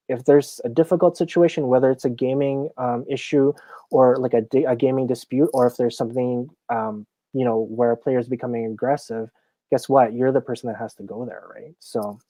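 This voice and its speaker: A man's voice: medium pitch, dry recording. A man who works as a casino floor supervisor, a guest telling stories in a casual interview, chatty and full of fillers. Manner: chatty, filler-heavy, animated retelling.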